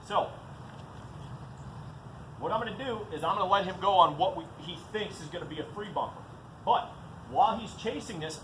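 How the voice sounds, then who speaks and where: A man demonstrating dog training outdoors, explaining drills and giving short commands and praise to his dog. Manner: instructive, breaks into high excited praise for the dog. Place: outdoors in a field. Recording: noisy outdoor recording.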